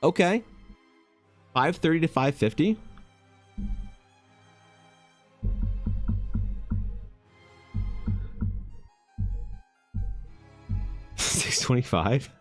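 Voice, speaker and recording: A man's voice: a little high, big pitch swings, very slow, long pauses, faint music behind. A young Canadian man chatting casually with his stream while he draws, rambling, swearing and laughing as he talks to chat. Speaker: artist streaming while drawing.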